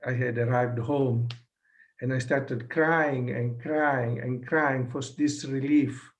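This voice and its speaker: A man in his sixties with an Italian accent, whose first language is Italian, telling a personal story at a satsang over a video call, halting and full of fillers and restarts. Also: mid-range voice, fairly even intonation. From Italy. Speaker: satsang guest.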